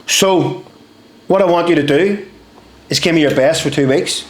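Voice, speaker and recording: A man putting on a Scottish accent to play a blunt, hard little army corporal who gives short, gruff orders. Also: a little high, moderate pace, voice pushed up, lightly acted. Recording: roomy echo.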